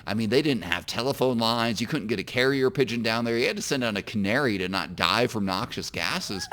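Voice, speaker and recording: A man from Illinois co-hosts a casual podcast and drifts through long, self-deprecating anecdotes. His voice is mid-pitched for a man, and its pitch moves a great deal as he tells the story. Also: animated, a little fast, a bit bright, a little hiss or hum. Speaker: podcast co-host and author.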